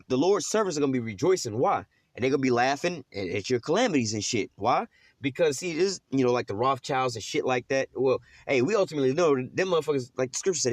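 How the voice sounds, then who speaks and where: A man's voice: medium pitch, no room sound. A man preaching on scripture in a loose, profane, slangy rant, tossing "man" into nearly every sentence. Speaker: Bible teacher. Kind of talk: casual street preaching.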